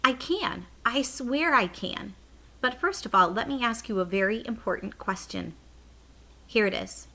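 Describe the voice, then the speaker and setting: A woman's voice: a little high, expressive, a little slow, bright, forceful tone, pitched above the performer's own voice, exaggerated voice. A woman voicing a spirited, indignant young girl in a read-aloud children's story, eager and insistent.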